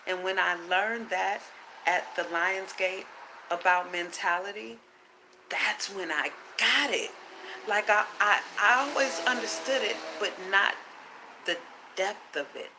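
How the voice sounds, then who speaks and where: A woman vlogging to camera in a casual monologue, blunt and profane, asking rhetorical questions in a calm, preachy way. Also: medium pitch, unhurried, background noise.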